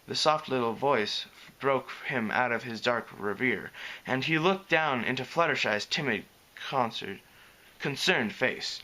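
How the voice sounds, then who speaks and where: Man, story reader, lively pitch, bright tone, fixes slips. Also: takes it slowly. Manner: lively reading, fixing slips as he goes. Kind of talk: reading fan fiction aloud.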